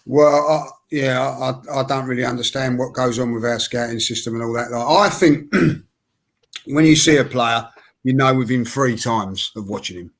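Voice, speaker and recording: A man's voice: mid-range voice, moderate pace. A man on a podcast panel giving plain-spoken football opinions in casual chat, his voice rising when he gets worked up.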